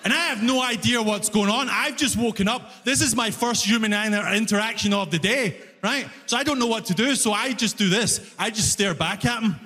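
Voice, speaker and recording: A man's voice: sits high, fairly quick, hardly any pauses, in a large hall. A man performing stand-up, telling stories and acting out the people in them. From immigrant to Canada. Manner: animated storytelling, acts out voices. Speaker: stand-up comedian. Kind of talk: stand-up routine.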